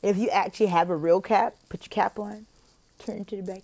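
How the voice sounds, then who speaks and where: A woman's voice: mid-range voice, fairly even intonation, brisk, a little mellow. Playful woman sharing classroom tips. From lives in Oklahoma, not from there. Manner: playful, laughs often, acts out classroom chants. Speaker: online teacher and video host. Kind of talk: casual teaching tips vlog.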